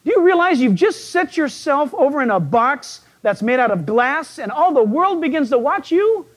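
A man with a croaky, frog-like voice, preaching a folksy sermon as a pastor who jokes and asks his listeners questions. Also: very high voice, very animated, normal speed.

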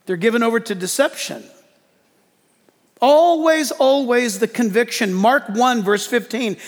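A male pastor preaching a lively sermon in church, joking and acting out quotes as he goes. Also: extremely high pitch, a little slow, in a large hall. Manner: animated preaching with jokes and acted-out quotes.

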